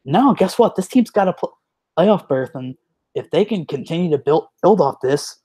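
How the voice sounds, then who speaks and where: A man's voice: a little high, animated, normal speed, warm tone, breathy edge. Rambling male hockey podcast host. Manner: rambling, frequent restarts and "like" fillers. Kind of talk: casual sports podcast chat.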